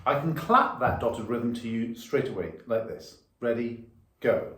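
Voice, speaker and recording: A man's voice: medium pitch, sing-song, normal speed, heavy background noise. A man giving a violin lesson, patiently explaining rhythm and counting the beats aloud. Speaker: violin teacher. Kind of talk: music lesson. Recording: echoey room.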